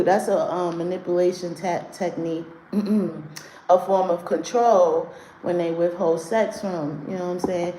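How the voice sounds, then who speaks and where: A woman's voice: lowish voice, fairly even intonation, measured pace, warm tone. A woman hosting a livestream with card readings, talking bluntly and with lots of cursing, often calling out her chat. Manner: blunt, profane, rants at chat. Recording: roomy echo, faint noise.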